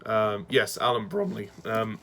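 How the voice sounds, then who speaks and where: A man's voice: fairly low pitch, very animated, takes it slowly, fairly bright tone, slight background noise. A man giving a casual, blunt, opinionated review, laughing often and restarting his sentences. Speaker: video reviewer.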